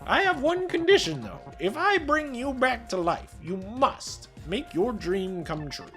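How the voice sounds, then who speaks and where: A woman's voice: a little high, very animated, unhurried, a bit bright, faint music behind, voice pushed up. A woman doing a gleeful old angel man. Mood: teasing. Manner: cheery, teasing. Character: playful old male angel who gambles.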